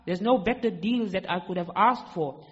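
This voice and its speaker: A man's voice: high voice, normal speed, lightly acted. A man preaching in his own voice, quoting a devout wife who gladly praises her husband's gift. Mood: joyful. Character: grateful devout wife, adult woman, calm. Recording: dull echoey hall recording.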